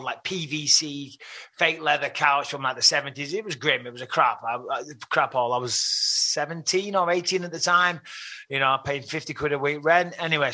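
A man with an English accent, a podcast guest telling a long story in casual chat and acting out his own remarks in a raised voice. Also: fairly high pitch. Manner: animated, acts out his own quotes with rising voice.

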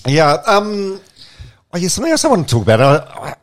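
A man's voice: high voice, wildly swooping pitch, brisk. A man hosting a casual interview, asking probing questions and nodding along with short backchannels. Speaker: podcast host.

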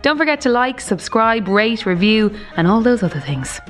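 Bright-voiced woman hosting. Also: a little high, very animated, faint music behind. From Ireland. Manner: brisk quick-fire questioning. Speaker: podcast host. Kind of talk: casual interview. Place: recording studio.

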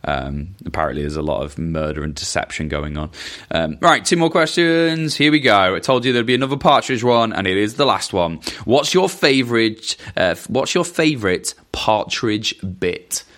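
A man's voice: lowish voice, animated, normal speed, a bit bright. A man hosting a podcast, casually answering listener questions in a rambling, self-interrupting way with chuckling asides. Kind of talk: casual chat.

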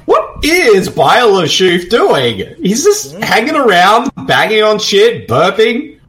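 A man's voice: high-pitched, wildly swooping pitch, a bit bright. A man co-hosting a casual movie-riffing podcast, joking and laughing often. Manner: laughing, quick jokey asides.

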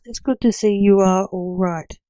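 A woman's voice: medium pitch, fairly even intonation, normal speed, mellow, dry recording, natural voice. A woman reading the part of an exasperated, protective father who scolds his son, in a storybook reading.

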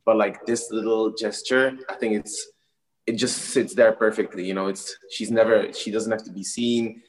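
A man from the with as his answers questions earnestly in English, rambling through many fillers. His voice is fairly low. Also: steady tone, normal speed, rough recording. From Czech Republic. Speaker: guest singer. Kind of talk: interview answers.

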